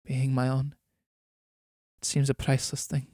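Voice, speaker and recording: A man's voice: medium pitch, completely flat delivery, unhurried, warm tone, no room sound, studio quality, natural voice. Kathleen, read by a man, grave noble countess. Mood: solemn. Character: noble countess, grave and self-sacrificing woman.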